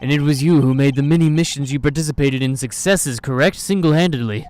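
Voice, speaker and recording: A man voicing a composed, formal male prosecutor in an improvised game dub, with a deliberate courtroom delivery. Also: medium pitch, a little mellow, close to an everyday voice. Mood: probing.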